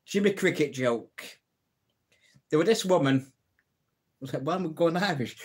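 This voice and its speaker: A man's voice: fairly high pitch, animated, measured pace, long pauses, breathy edge. Chatty man telling jokes. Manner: chatty, laughs at own jokes, reads out comments. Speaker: livestream host. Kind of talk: casual live-stream chat telling jokes.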